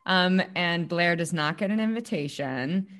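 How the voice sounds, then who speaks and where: A woman co-hosting a casual TV recap podcast, animated and swearing freely as she acts out quotes. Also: fairly low pitch, a little slow. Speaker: podcast co-host.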